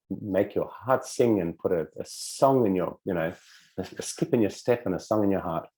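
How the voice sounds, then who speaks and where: A man teaching in a casual spoken way, animated and acting out little dialogues with shifting voices, swearing casually now and then. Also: low-pitched, normal speed. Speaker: self-help coach.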